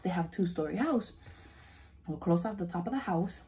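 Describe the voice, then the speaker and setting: Young woman vlogger, low-pitched, chatty storyteller, mimics voices, a bit sick. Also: brisk. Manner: animated, acts out quoted dialogue, laughs often; chewing while talking. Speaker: beauty vlogger. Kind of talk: casual storytelling. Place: home.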